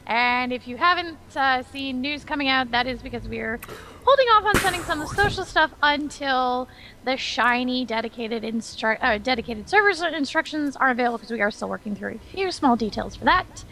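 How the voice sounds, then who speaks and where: A high, bright-voiced woman chatting casually as a livestream host. She talks in an upbeat, quick, friendly way, laying out what the stream will cover. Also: expressive, slight background noise, low-quality recording. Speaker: community manager and stream host.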